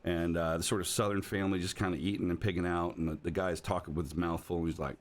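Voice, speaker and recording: A man's voice: sits low, level tone, fast, hardly any pauses. A man narrating a tabletop game as game master, rambling and jokey, full of fillers and restarts.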